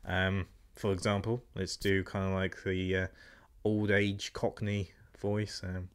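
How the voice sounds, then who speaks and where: A man's voice: deep voice, level tone, slow pace, clear, resonant tone. An English man hosting a gaming channel, chatting casually in a self-deprecating way about a product. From England. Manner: chatty, self-deprecating, laughing between remarks. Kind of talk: casual product review chat.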